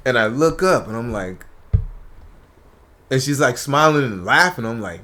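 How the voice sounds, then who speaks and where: A man with a mid-range voice, a comedian guest on a podcast, tells stories casually in a studio at a moderate pace. He's an animated storyteller, acting out what people said.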